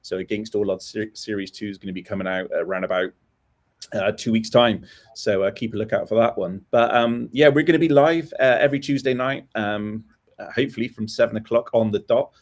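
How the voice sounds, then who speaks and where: A man hosting a live motocross talk show, relaxed and chatty with plenty of "um" and "uh" fillers. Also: lowish voice, brisk. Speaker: host.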